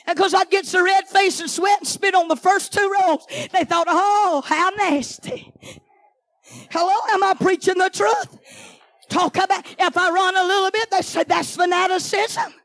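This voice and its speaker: A middle-aged woman delivers a fiery Pentecostal sermon in a church sanctuary, shouting in a very high, ringing voice with fairly even intonation. She drives phrases in a chanting rhythm and tosses quick asides at the congregation. The audio is close and dry, with hardly any room echo.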